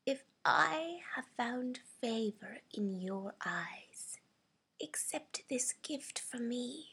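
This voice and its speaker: A woman's voice: fairly high pitch, animated, drawn-out words, slightly rough, full character voice. A woman doing a frail old woman. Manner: soft, whispery.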